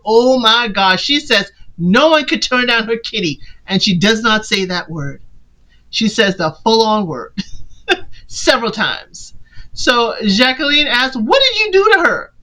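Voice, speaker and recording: A woman casually recapping a film for a podcast, animated and playful, often quoting the characters in put-on voices. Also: a little high, poor audio.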